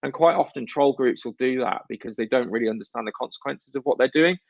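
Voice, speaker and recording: Gravelly, blunt, sweary man speaker. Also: medium pitch, fast, no room sound, muffled recording. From northern England. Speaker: conference speaker. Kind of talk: conference talk.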